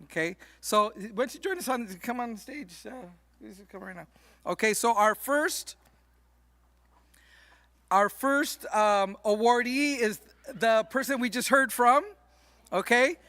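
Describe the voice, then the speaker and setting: High, bright-voiced man presenting awards. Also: a little slow. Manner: informal, peppers speech with "okay". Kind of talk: speaking at an awards reception. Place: indoor reception event.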